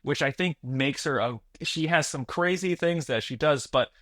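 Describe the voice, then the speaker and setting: A man's voice: a little high, moderate pace, a bit bright, dry recording, studio quality. A man co-hosting a movie review podcast, making his points earnestly in a rambling way, restarting his sentences and swearing casually. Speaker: podcast co-host.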